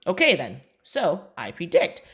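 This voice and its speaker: A woman's voice: lowish voice, wildly swooping pitch, a little slow, fairly bright tone, pitched above the performer's own voice, exaggerated voice. A woman doing a dry, teasing storybook mom. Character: calm teasing mother, middle-aged. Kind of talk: children's book read aloud.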